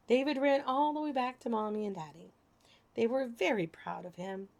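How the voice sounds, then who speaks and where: Woman, children's storyteller, animated read-aloud, high-ish, gravelly. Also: normal speed. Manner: expressive, animated reading.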